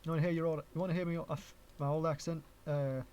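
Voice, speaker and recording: A man with an English accent and a slightly higher voice talks through a live-stream tutorial. He rambles as he works, restarts sentences and chuckles at himself. His talk stays casual and unscripted. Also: little pitch movement, fast, a little mellow, a little hiss or hum. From Canada. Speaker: streamer teaching 3D rigging.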